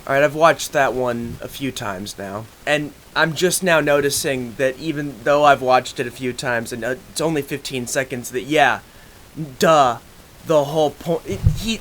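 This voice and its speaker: Young man, off-the-cuff home commentary, rambling and self-deprecating, lively up-and-down pitch. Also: moderate pace. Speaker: commentary host. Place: at home in his room. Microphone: separate microphone synced to camera.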